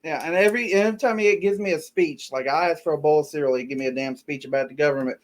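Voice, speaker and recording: A man's voice: fairly high pitch, fast talker. A man co-hosting a casual podcast, rambling through long jokes, swearing freely and laughing at himself, sleepy. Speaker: podcast co-host. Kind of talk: casual podcast banter, joke telling.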